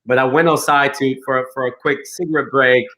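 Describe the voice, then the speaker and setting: A man, a company co-founder, telling stories as a guest on an interview show, animated and enthusiastic. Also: mid-range voice, fairly quick. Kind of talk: casual interview chat.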